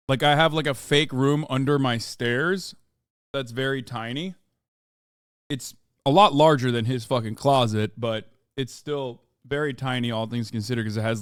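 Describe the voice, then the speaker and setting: A man's voice: medium pitch, moderate pace, dry recording, studio quality. A man hosting a stream, riffing and cursing casually as he reacts to a video. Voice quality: animated, profane, riffing.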